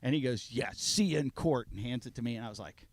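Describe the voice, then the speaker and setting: A man's voice: medium pitch, quick pace, no echo. A man on a podcast casually telling a long story, acting out what he and others said. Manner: animated storyteller acting out both sides of a conversation. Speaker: podcast co-host.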